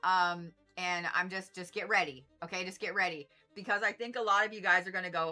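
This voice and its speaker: A woman's voice: lowish voice, steady tone, brisk, few pauses, bright, forceful tone, faint music behind. A middle-aged woman hosting an astrology livestream, talking in a chatty, rambling way with frequent swearing and laughing asides. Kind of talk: casual livestream chat.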